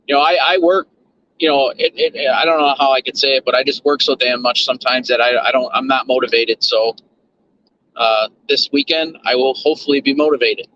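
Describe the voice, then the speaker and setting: A man's voice: mid-range voice, steady tone, brisk, sharp tone, dull audio, a little hiss or hum. A man chatting loosely to his stream chat while driving, repeating words and drifting between thoughts. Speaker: livestream host. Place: in a car.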